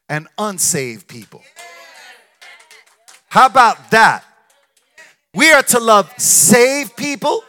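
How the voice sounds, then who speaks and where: Male pastor preaching, high bright voice, lots of repeating and hallelujahs. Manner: call-and-response preaching, emphatic, repeats phrases. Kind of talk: sermon.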